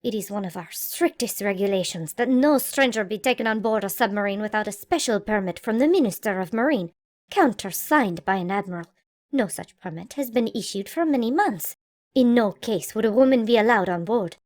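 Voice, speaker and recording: A woman voicing a proud, stern old male naval admiral in an audiobook, brisk and commanding, recorded dry and close. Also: mid-range voice, lively intonation, dry recording, close to an everyday voice. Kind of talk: audiobook character voice.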